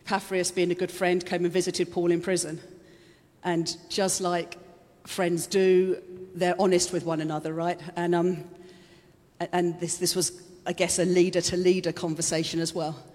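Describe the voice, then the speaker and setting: A woman's voice: lowish voice, flat delivery, normal speed, darkish tone. Emotional woman preaching in a reverberant hall. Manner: emotional, chatty, laughs often. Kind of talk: casual conversational sermon. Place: church hall.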